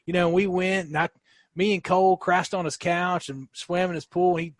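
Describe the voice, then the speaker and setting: A man's voice: high-pitched, moderate pace, no echo. A man, a dentist guest telling stories in a casual podcast chat. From Kentucky. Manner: storytelling, animated, restarts often.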